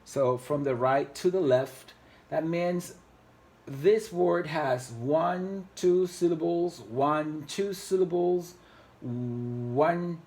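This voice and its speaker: A man walks through a grammar lesson at the whiteboard, patient and unhurried. His voice sits slightly high, and he goes over each point more than once, counting syllables aloud one by one. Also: a little mellow. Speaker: Spanish teacher. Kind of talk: classroom-style video lesson at a whiteboard.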